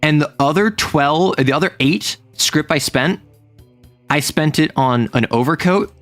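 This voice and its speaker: A man streaming a casual chat, telling a rambling, animated story and laughing often. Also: on the high side, a little slow, no room sound, faint music behind.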